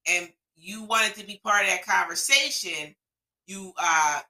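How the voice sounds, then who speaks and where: A woman's voice: mid-range voice, a little slow, pushed and bright, low-quality recording. A woman co-hosting a podcast, chatting casually and giving blunt, opinionated takes with some swearing. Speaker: podcast co-host. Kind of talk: casual chat.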